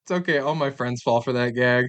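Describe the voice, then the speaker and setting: A man co-hosting a loose, unscripted podcast, telling a long prank story. He talks in an animated, teasing way and breaks into laughter often. His voice sits at an ordinary middle pitch. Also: fairly quick, clear, resonant tone. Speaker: podcast co-host. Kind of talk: casual storytelling chat.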